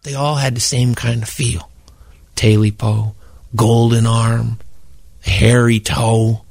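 A man storyteller narrating in a relaxed, conversational way. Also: medium pitch, slow pace, vocal fry, no echo. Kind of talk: spoken storytelling performance.

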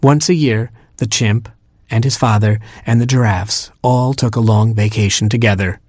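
A man narrating a children's storybook in a measured, gently humorous way. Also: fairly low pitch, no echo, clean studio sound. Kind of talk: storybook reading.

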